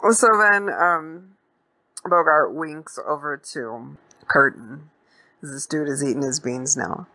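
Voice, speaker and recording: A woman hosting a podcast, recapping an old film in animated, slangy, profane storytelling. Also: low voice, slow pace, pauses often, no echo. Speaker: podcast host. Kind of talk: casual movie recap.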